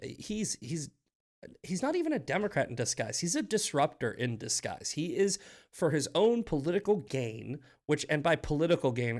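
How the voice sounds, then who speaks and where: A man hosting a live political commentary stream, fired-up and profane, often restarting his sentences. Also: a little high. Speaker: host.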